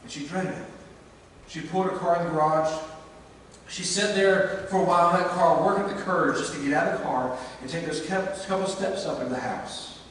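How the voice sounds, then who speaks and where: Earnest male preacher, high-pitched voice, distant mic in a reverberant church hall. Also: brisk, slight background noise. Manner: earnest storytelling preacher, swinging between emphatic and hushed. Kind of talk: sermon. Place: church sanctuary.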